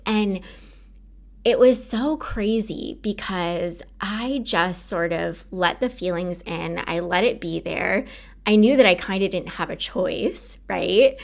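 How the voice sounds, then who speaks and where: A woman with a fairly low voice hosts a casual podcast, speaking in a candid, earnest, conversational way. She talks straight to the listener in a relaxed personal monologue, dropping in many fillers. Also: slow pace, gravelly. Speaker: podcast host.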